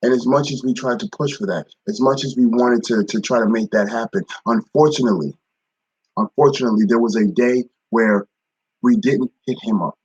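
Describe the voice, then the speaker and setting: A man's voice: mid-range voice, brisk, a little mellow, breathy edge, dry recording, muffled recording. A man giving a casual spoken devotional, repeating phrases and greeting viewers by name. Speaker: ministry speaker. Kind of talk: live-streamed devotional talk.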